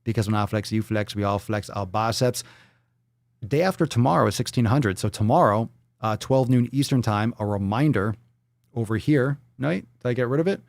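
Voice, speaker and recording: Man, livestream host, mid-pitched, loose and profane, mock-dramatic banter. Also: a little fast, vocal fry, a little mellow, dry recording, studio quality. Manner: playful, profane, theatrical. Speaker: livestream fitness show host.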